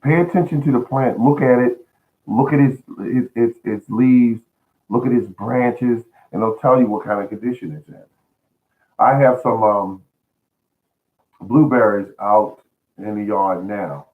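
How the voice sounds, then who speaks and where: A man's voice: medium pitch, a little slow. A man hosting a home gardening show, giving casual advice in a folksy, earnest way and often repeating words as he restarts. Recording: tinny phone-like sound.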